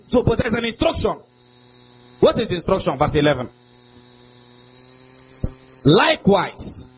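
A high, lively male voice, delivering a sing-song sermon. He swings from soft, drawn-out phrases to sudden shouts. A faint mains hum sits under the recording. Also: poor audio. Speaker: preacher.

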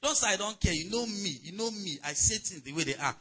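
A middle-aged pastor delivers a sermon in a husky, fairly high and strikingly bright voice. He preaches emphatically, rising loud and dropping soft, and keeps asking the congregation whether they follow him. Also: lively intonation, fairly quick, low-quality recording.

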